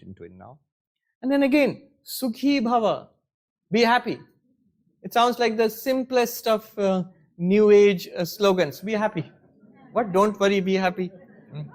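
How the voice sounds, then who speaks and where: A spiritual teacher, a man, explains scripture in an easygoing lecture. His voice sits fairly high, and he talks with wry self-mockery and a stream of rhetorical questions.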